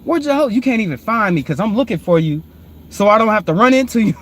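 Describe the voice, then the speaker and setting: A man, hosting and preaching informally on proverbs, repeatedly calling listeners "family", swinging between low murmured reading and loud emphatic preaching. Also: animated, quick pace, a little hiss or hum. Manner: repetitive, calls listeners "family". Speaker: host.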